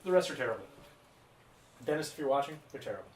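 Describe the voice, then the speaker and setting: A man's voice: medium pitch, animated, fast talker. A man co-hosting a live podcast stream, chatting casually and poking fun at himself while he fills time. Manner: rambling and self-mocking. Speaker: podcast co-host.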